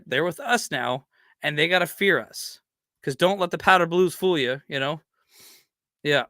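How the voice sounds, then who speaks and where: A man's voice: on the high side, bright, forceful tone, smooth, no room sound, clean studio sound. A man hosting a fan podcast, talking casually and heartfelt with lots of fillers. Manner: rambling, heartfelt, lots of "you know". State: getting choked up. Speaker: podcast host.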